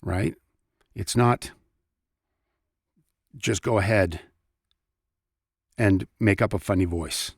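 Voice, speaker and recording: A man's voice: lowish voice, slow pace, creaky, pauses often, no room sound, clean studio sound. A male voice actor talking casually and chattily about his craft, in a rambling way. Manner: chatty, rambling, self-interrupting. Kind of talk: casual vlog talk.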